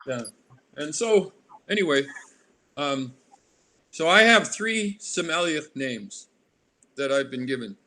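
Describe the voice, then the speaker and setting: A man in his sixties from Alaska, a guest in an interview, rambling warmly and drifting into tangents. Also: a little high, expressive, slow pace, long pauses, a little hiss or hum. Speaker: artist guest. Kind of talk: casual interview conversation.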